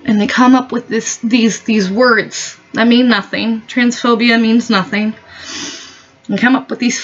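A woman with a fairly high voice rants to camera, heated and full of swearing, circling back over her points as she rambles. The recording sounds dull and lo-fi. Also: fairly bright tone. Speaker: vlogger. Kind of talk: rambling opinion rant.

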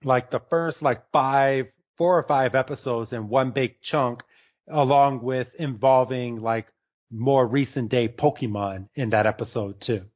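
A man's voice: medium pitch, measured pace. A man co-hosting a casual podcast, rambling with lots of fillers and restarts and laughing often. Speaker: podcast co-host. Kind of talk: casual chat recapping an episode. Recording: slightly dull lo-fi audio.

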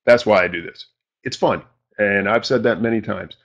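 Casual male host talking to a live chat from his home desk, low voice, dull computer-mic sound. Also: moderate pace, a bit bright. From New England. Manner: rambling and informal, with mild slang and self-deprecating asides. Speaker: live-stream show host. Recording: dull lo-fi stream audio.

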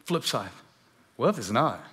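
A man preaching a sermon to a church crowd, starting hushed and building to shouting, repeating lines for emphasis. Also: medium pitch, very animated, normal speed, slightly rough. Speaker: pastor. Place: large church auditorium.

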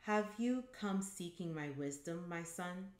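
A woman voicing an earnest Native American tourist guide who is anxious to please, in a low voice and an echoey room. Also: a little slow, darkish tone. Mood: solemn. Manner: pleading, eager to be liked.

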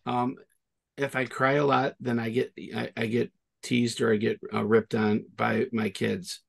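A middle-aged man from Michigan co-hosts a podcast, telling rambling stories in easy chat. His voice is gravelly, with a husky grain, and he restarts sentences as he builds up to his point. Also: mid-range voice, level tone, a little slow. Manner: rambling storyteller, restarts often. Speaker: podcast co-host. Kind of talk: casual chat.

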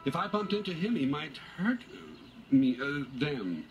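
A man voicing a vain, boastful female diesel railcar in a high, huffy voice. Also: lively intonation, a little slow, background noise. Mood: nervous.

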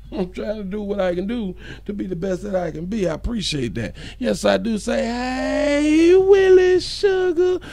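A man from St. Louis hosting a joking livestream, hoarse from losing part of his voice, calling out shout-outs and breaking into squeaky high greetings. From St. Louis, Missouri. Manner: loud shout-outs, sudden squeaky high "hey sugar" bits. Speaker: livestream host reading chat. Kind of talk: joking casual livestream chat.

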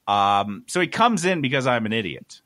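A man on a podcast telling a story casually, animated and exasperated, swearing freely. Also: medium pitch, normal speed, dry recording, studio quality. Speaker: podcast host.

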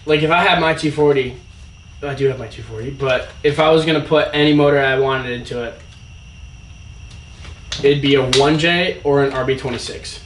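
A young man hosting a casual car podcast, talking excitedly and imitating turbo sounds. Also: medium pitch, normal speed. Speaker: podcast host. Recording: echoey room, mic far off, faint noise.

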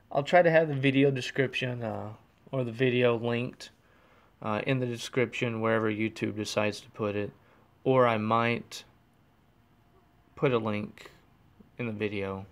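A man's voice: mid-range voice, creaky. A man hosting a casual solo podcast, rambling and breaking off mid-thought, recorded on a gaming headset microphone in a room at home. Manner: rambling, self-interrupting, chuckling. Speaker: podcast host. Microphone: USB gaming headset microphone.

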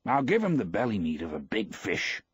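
A man reading the part of an elderly, proud, gentle fisherman, speaking plainly and quietly. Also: lowish voice, huge pitch swings, moderate pace, breathy edge, heavily acted.

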